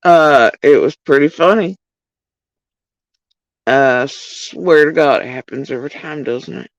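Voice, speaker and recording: A woman's voice: low-pitched, measured pace, no room sound, highs cut off. A woman livestreamer talking casually to her chat in a profane, heated rant, addressing viewers directly. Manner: profane, animated ranting.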